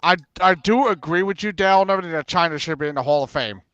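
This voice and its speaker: A man in casual panel talk, telling stories with lots of acted-out quotes and laughter. His voice sits a little high and sounds smooth. The sound is dry and a bit dull. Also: fast talker, dry recording. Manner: animated storyteller, acts out quotes, laughs often. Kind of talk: casual chat.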